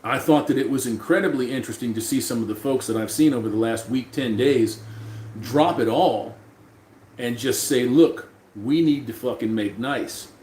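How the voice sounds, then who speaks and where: A man's voice: medium pitch, a little mellow. A man hosting a casual livestream, reading chat messages aloud and talking back to them loosely, with plenty of swearing. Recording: roomy echo, faint room noise.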